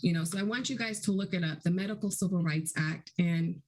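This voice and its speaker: An activist woman with a fairly low voice speaks on a panel. She is earnest and measured, laying out her points steadily. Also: darkish tone, poor audio. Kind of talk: panel talk.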